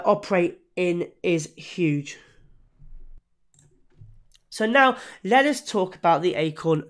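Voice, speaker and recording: Rambling YouTuber reviewing crypto, self-correcting. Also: male voice, sits high. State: hiccuping. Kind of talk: casual spoken review to camera.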